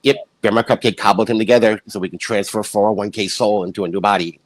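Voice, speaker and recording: A man's voice: lowish voice, steady tone, fast talker, no echo. A man co-hosting a casual podcast about movies, laughing often and mocking characters in put-on voices. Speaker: podcast co-host. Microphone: streaming podcast setup.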